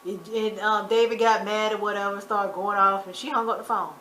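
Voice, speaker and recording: A woman casually recapping a TV drama episode in a chatty, loose storytelling way with lots of fillers, quick to burst into loud exclamations. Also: mid-range voice, steady tone. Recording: echoey room, faint background noise.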